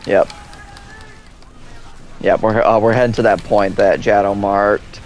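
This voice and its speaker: Easygoing low-voiced man teasing friends. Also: fairly even intonation, unhurried. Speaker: gamer in a co-op group. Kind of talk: casual gaming voice chat.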